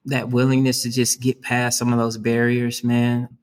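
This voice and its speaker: A man's voice: medium pitch, monotone, moderate pace. A man talking earnestly as a guest in an interview about his youth work. He is upbeat and peppers his talk with "man" and "right?". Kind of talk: conversational interview.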